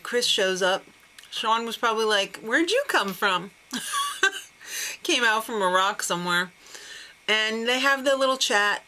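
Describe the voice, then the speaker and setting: A woman's voice: mid-range voice, pushed and bright. A woman hosting a casual TV recap, sarcastic and laughing often. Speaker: TV recap host.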